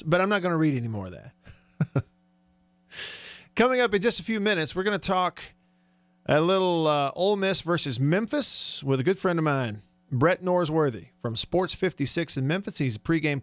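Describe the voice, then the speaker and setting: A chatty man hosts sports talk radio with an upbeat manner and frequent laughs. His voice sits a little high for a man. The studio mic gives a dry, close sound. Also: no echo. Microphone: studio microphone.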